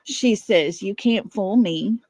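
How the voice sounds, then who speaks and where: A woman in her fifties hosting a casual livestream from her home, chatting with viewers and breaking off to calm her dog. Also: medium pitch, slow, dry recording. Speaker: livestream host. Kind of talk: casual live chat with viewers. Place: home, indoors.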